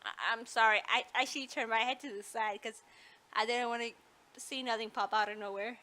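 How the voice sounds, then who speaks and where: A woman's voice: a little high, fairly even intonation, a little fast, bright, forceful tone. A woman playing a visual novel, reading the story aloud and breaking off with apologetic, joking asides. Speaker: video game player.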